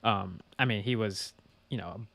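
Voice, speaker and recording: Easygoing young man, low voice. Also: measured pace, creaky, fairly bright tone, dry recording. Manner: easygoing, hedging with "I mean" and "you know". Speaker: podcast co-host. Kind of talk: casual sports chat.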